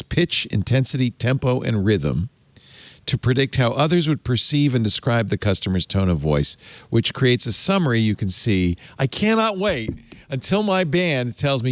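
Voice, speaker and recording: A man's voice: medium pitch, no room sound. Sarcastic male host, dry sound. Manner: sarcastic, reads press text aloud with wry asides. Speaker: tech show host. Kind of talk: casual panel chat.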